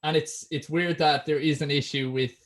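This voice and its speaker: A man's voice: a little high, steady tone, moderate pace. A man hosting a podcast, talking loosely with lots of ums while reading out questions. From Ireland. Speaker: podcast host. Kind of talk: casual interview chat.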